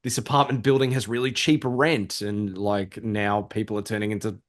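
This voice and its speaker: A man co-hosting a podcast, chatting casually about comic books in an excitable, rambling way and swearing freely. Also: lowish voice, moderate pace. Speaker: podcast co-host. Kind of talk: casual comic book chat.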